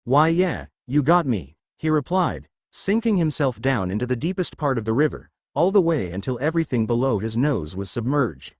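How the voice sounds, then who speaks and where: A man narrating a fan fiction audiobook in a steady storytelling manner. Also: mid-range voice, fairly quick, few pauses, no room sound, studio quality.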